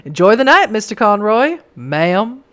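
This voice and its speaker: A hoarse woman doing a smug male stranger with a Western drawl, sly and sinister in a dark game. The voice swings lively up and down, pitched a bit above her own. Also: unhurried, full character voice.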